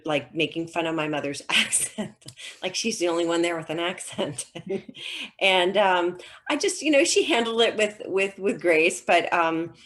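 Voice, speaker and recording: Chatty low-voiced woman author. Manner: chatty storyteller with frequent ums and restarts. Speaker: novelist, guest author. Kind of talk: casual conversational interview. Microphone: video call.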